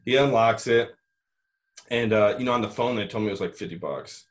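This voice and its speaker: This young man speaks a little fast in a lowish voice, spinning out a long story in casual conversation. His rambling is peppered with "like," "you know," and an occasional curse.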